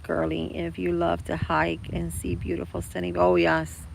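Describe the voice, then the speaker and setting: A woman's voice: lowish voice, completely flat delivery, moderate pace, creaky, hardly any pauses, slight background noise, poor audio. A woman chatting casually with her livestream viewers, rambling and calling them girl and guys. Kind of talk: casual live chat.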